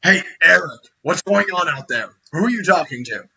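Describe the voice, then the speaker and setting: A man voicing a suspicious male orc raider who yells bluntly. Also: on the high side, steady tone, unhurried, muffled recording, pitched above the performer's own voice. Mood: shouting. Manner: loud, yelling, blunt.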